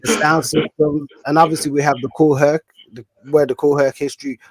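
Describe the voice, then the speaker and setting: A man from the UK co-hosting a casual chat, reflective and unhurried, trailing off with fillers. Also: a little high, flat delivery, crowd noise. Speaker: podcast co-host.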